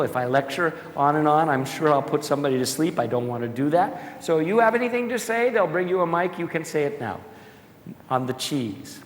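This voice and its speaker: A man giving an animated, jokey conference talk and addressing the audience directly. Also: mid-range voice, a little hiss or hum. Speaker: conference speaker. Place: large conference hall. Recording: echoey hall with long reverb.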